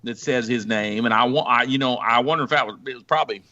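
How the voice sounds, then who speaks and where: A middle-aged man from the Ozarks telling a crude police story on a podcast in a rambling, animated way. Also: medium pitch, fast talker, highs cut off. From Ozarks, United States. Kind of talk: casual storytelling chat.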